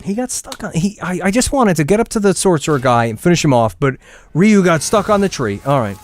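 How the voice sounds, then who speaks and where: Chatty excitable male game streamer. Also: a little high, fairly quick, slight background noise. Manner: chatty, excitable, laughs often, reads chat aloud. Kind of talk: casual live gameplay commentary.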